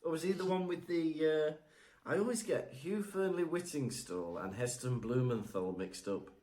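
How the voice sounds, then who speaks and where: A man's voice: a little high, animated, normal speed, a little mellow. A man co-hosting a podcast, chatting cheerfully, throwing in teasing suggestions, and reading the show's outro. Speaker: podcast co-host. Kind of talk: casual chat and show outro.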